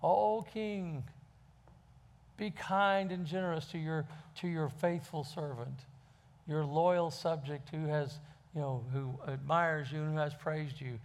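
A man's voice: fairly high pitch, steady tone, slow pace, voice pushed up. A man putting on a whiny grovelling beggar. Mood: pleading. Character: pathetic wheedling male beggar.

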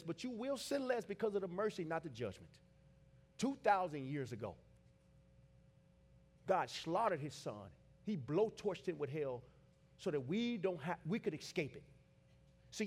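Man, sermon, dramatic storytelling, high voice. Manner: dramatic storytelling, builds to shouting climaxes. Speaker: preacher.

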